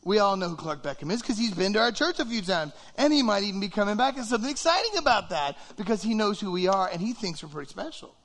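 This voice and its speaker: A man preaching in a high, bright voice, loose and conversational, who acts out little quoted reactions as he goes. It is a relaxed, lively sermon. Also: fast talker, hardly any pauses. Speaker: pastor.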